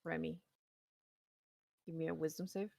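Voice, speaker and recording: A woman running a tabletop game as game master, amused and quick to laugh at the dice. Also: low voice, little pitch movement, vocal fry, a little mellow, no echo, studio quality.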